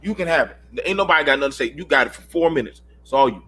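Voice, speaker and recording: A man's voice: a little high, animated, rapid-fire, pushed and bright, slight background noise. A man in his thirties hosting a heated panel call, preachy and emphatic, often repeating himself. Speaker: host of a panel call show.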